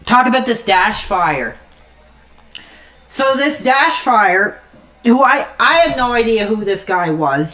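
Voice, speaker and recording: Angry ranting man. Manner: heated, profane, swings between loud outbursts and low mutters.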